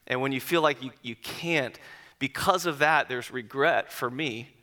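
A man in his forties telling personal stories to an audience, lively at first and then quiet and reflective. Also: medium pitch, unhurried. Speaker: speaker addressing an audience. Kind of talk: personal storytelling talk.

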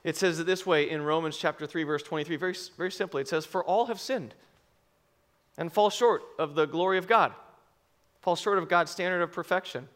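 A man preaches to a congregation in a high, bright voice. He tells his story with big swings between hushed asides and shouted lines, acting out every quote. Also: a little fast. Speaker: pastor. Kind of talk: sermon with personal story. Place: church service before a congregation.

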